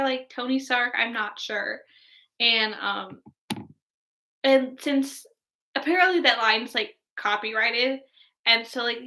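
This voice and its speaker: A young woman vlogger chatting casually about a movie, gushing and excitable, filling her talk with "like". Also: fairly high pitch. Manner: gushing, heavy use of "like", excitable fangirl tone. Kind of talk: casual movie review chat.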